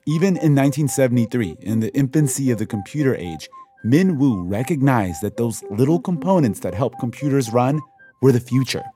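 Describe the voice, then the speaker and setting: Measured male narrator over music. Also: mid-range voice, expressive, mellow. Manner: measured, explanatory. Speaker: podcast co-host. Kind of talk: scripted narration.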